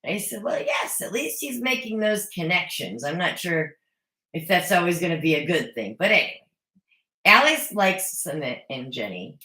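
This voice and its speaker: A woman's voice: fairly low pitch, big pitch swings, normal speed, pushed and bright, roomy sound. A woman recapping a reality show in a casual, chatty way, opinionated with sarcastic asides. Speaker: recap vlogger. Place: home.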